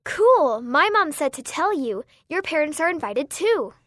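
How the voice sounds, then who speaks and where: A woman's voice: high-pitched, big pitch swings, measured pace, fairly bright tone, dry recording, studio quality, full character voice. A woman voicing an eager, cheerful young girl in a children's story. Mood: friendly.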